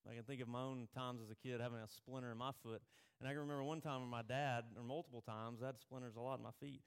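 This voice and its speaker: A man's voice: medium pitch, fairly even intonation, fast talker, clear, resonant tone. A male pastor preaching a sermon in a conversational way, telling personal stories.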